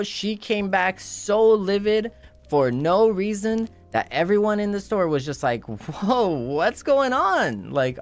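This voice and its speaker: A man streamer telling a story in casual chat and acting out the quotes with animated delivery. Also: high voice.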